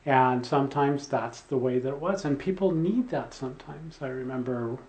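A man's voice: mid-range voice, moderate pace, a little mellow. An older man, a spiritual teacher, giving an earnest sermon and repeating key phrases for emphasis.

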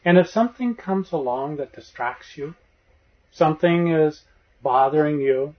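A man giving a meditation talk as a spiritual teacher, telling a parable in a gentle storytelling manner and acting out the voices in it. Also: fairly high pitch, measured pace. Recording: dull lo-fi recording.

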